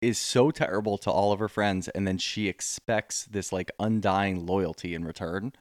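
A man's voice: low-pitched, steady tone, moderate pace, dry recording, clean studio sound. A man co-hosting a casual reality TV recap podcast, ranting bluntly with plenty of swearing. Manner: blunt, profane, opinionated rants. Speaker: podcast co-host.

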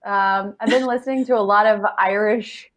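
A woman's voice: mid-range voice, fairly even intonation, normal speed. A woman, a podcast guest, chatting in a bubbly and blunt way. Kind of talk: casual podcast chat.

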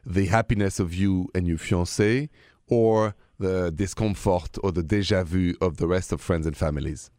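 A man's voice: low-pitched, darkish tone, dry recording, studio quality. A middle-aged man from Paris with a French accent, hosting a call-in radio advice show in a chatty way, often laughing. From France. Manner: chatty, laughs easily, gives a phone number slowly. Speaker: radio relationship advice host.

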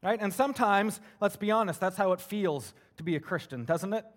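A male pastor delivers an energetic, conversational sermon. His voice sits a little high for a man. He keeps asking his listeners questions. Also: brisk.

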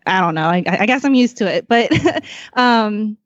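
A woman's voice: medium pitch, normal speed, no echo, lo-fi sound. A woman chatting as a podcast guest, rambling with many fillers and calling herself awkward. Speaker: podcast guest, magazine staffer. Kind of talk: casual chat.

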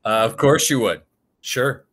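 Bright upbeat man talking sports. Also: medium pitch, animated, measured pace. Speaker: podcast co-host. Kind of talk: casual sports chat.

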